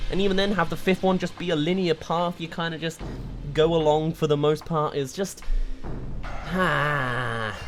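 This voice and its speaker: A game reviewer giving a rambling, exasperated video review, full of rhetorical questions. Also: medium pitch.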